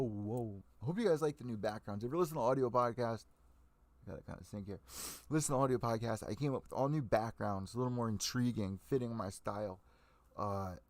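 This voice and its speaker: Young male MMA podcast host, profane and fired up, medium pitch, very dry close sound. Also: no room sound. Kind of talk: ranting live stream commentary.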